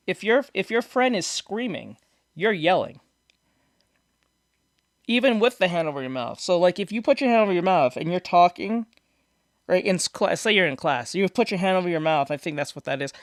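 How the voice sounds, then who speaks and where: Animated, high-voiced rambling male streamer. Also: no echo, studio quality. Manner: rambling, restarts a lot, laughs at his own jokes. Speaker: streamer reacting to viewer comments. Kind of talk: casual live-stream chat. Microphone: desk microphone.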